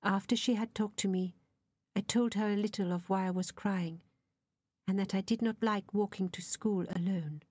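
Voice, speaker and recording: A woman reading a novel aloud as an audiobook narrator, soft and often half-whispered. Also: medium pitch, fairly even intonation, moderate pace, slightly rough, no echo.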